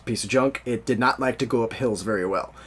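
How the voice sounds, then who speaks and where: A man's voice: medium pitch, a little fast, a bit bright. A young man from the United States hosting a podcast, rambling in casual chat and laughing often. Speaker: podcast host.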